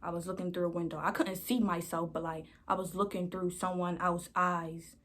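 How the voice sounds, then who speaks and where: A woman's voice: lowish voice, level tone, normal speed, a bit bright. A young woman vlogger telling a storytime in a rambling, slangy way, often calling her viewers y'all. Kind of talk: casual storytime.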